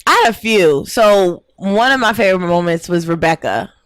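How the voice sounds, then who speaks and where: A woman's voice: medium pitch, animated, normal speed, crowd noise. A young woman co-hosting a podcast, telling an emotional story in casual chat with laughter. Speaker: podcast co-host.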